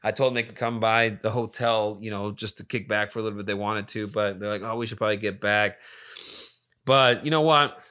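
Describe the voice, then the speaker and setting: Bright-voiced man swearing through a story. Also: lowish voice, fairly even intonation, brisk, clear, resonant tone. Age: 40s. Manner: rambling, swears freely. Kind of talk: casual storytelling.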